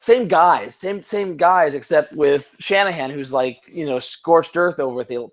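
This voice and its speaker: A man co-hosts a casual sports chat while a little drunk. His voice sits somewhat high, and he rambles, swears freely and restarts his sentences over and over. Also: measured pace. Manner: rambling, profane, many restarts. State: tipsy from drinking. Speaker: podcast co-host.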